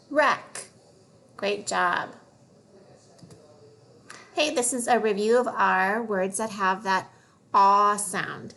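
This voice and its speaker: A woman teaching a phonics lesson to young children, slowly sounding out letters and words one by one. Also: mid-range voice.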